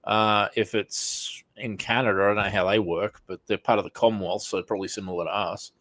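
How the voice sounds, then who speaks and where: A man's voice: on the low side, fairly even intonation, a little fast, a bit bright, no room sound. A man co-hosting a casual podcast, skeptical and dry, laughing often. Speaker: podcast co-host. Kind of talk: casual chat.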